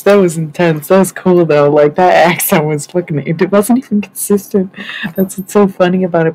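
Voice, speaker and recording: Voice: medium pitch, a little mellow, slight background noise, low-quality recording. A livestreamer talking casually and swearing a lot, rambling with many fillers while claiming to channel spirits. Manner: rambling, profane, lots of fillers.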